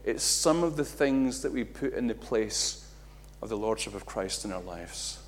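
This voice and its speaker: A middle-aged man preaching a sermon, acting out quotes with big jumps in loudness and pitch. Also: a little slow. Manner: animated, acts out quotes with big swings in loudness.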